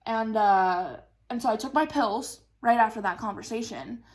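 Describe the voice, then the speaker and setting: Young woman rambling casually on her craft vlog, kinda high voice, lots of likes and ums. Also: normal speed. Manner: rambling, many fillers like "like" and "um", frequent laughs. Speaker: craft vlogger. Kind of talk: casual personal chat while crafting.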